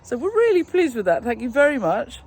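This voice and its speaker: A woman's voice: a little high, sing-song, a little fast, darkish tone, slight background noise. An English woman, a flower farmer, chatting casually as she gives a rambling, self-amused tour of her garden outdoors by her back door. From England.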